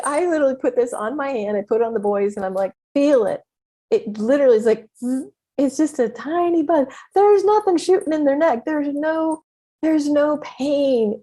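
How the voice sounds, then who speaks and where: A middle-aged woman hosting her own podcast, telling a story in a lively, conversational way with frequent exclamations and laughter. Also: mid-range voice. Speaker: podcast host and business mentor. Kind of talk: casual solo podcast monologue.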